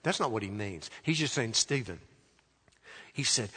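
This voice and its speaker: A man preaching a sermon as pastor in a church, emphatic, with dramatic pauses and a rising and falling delivery. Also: fairly low pitch, expressive, sharp tone, slightly rough, in a large hall. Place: church sanctuary.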